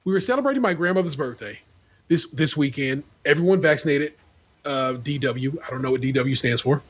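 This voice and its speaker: A male podcast host reads forum posts aloud in a relaxed, joking way and swears freely. His voice is husky and sits a bit high for a man. He chats casually between readings. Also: a little fast. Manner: laid-back, wisecracking, profane.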